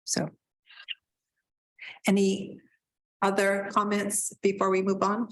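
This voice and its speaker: A woman's voice: medium pitch, monotone, slow pace, rough recording. A woman chairing a public board meeting, talking in an informal, earnest way and often restarting her sentences.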